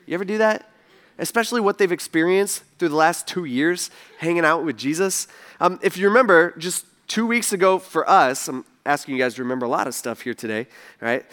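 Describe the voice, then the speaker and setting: Young male pastor, casual storytelling sermon, higher voice. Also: brisk. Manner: conversational, animated storytelling.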